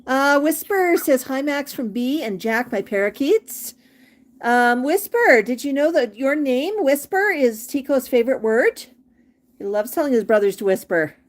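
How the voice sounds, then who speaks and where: Woman, fairly high voice, casual livestream chat, reads comments aloud, talks easily about bird care. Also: animated, measured pace. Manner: sing-song baby talk to her bird, then chatty comment reading. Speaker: pet parrot channel host.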